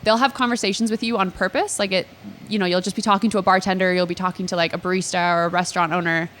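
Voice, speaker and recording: A woman's voice: lowish voice, steady tone, very fast, a bit bright. A young adult woman from Canada with a southern Ontario accent, a comedian chatting confidently on a podcast, laughing easily. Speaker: guest comedian. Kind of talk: casual podcast chat. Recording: faint background noise.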